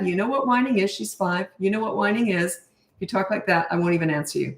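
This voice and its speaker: A woman's voice: mid-range voice, a little fast, roomy sound. A woman in her sixties, a parenting coach answering viewer questions in a frank, conversational live-stream Q&A. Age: 60s.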